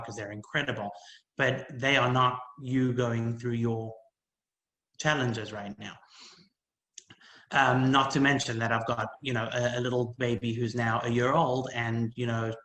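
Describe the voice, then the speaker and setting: A man giving a personal testimony as a panel speaker at a community event, heartfelt and halting, with many restarts and fillers. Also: mid-range voice, a bit bright, echoey room, low-quality recording.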